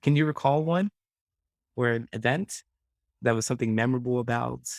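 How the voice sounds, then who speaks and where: A man working as a friendship coach, answering interview questions as an animated storyteller who acts out voices and laughs often. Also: mid-range voice, brisk, creaky, no echo, studio quality. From United States.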